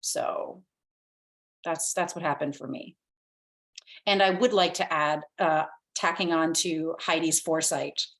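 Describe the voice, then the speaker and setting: A woman's voice: low voice, steady tone, unhurried, a bit bright. A young woman chatting casually as a podcast guest, often saying "like" and acting out her own thoughts.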